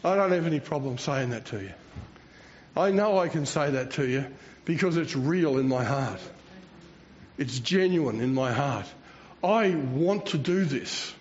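A man's voice: medium pitch, animated, measured pace, darkish tone. A man, preaching a rambling, self-mocking sermon and chuckling between phrases. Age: 60s. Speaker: pastor. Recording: dull lo-fi recording.

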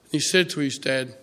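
A man preaching a sermon, telling a story softly with fillers and restarts. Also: mid-range voice, creaky. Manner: storytelling, soft and halting with fillers.

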